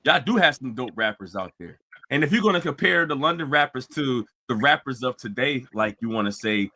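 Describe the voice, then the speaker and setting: A man hosting a live stream, mocking a clip with fast, laughing rants. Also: mid-range voice, lively intonation, sharp tone. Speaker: host.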